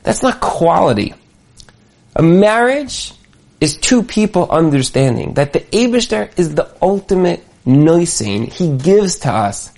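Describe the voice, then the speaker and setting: A man teaching a Torah class in a lively way, often acting out imagined dialogue. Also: a little high, unhurried, vocal fry. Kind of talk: animated religious class.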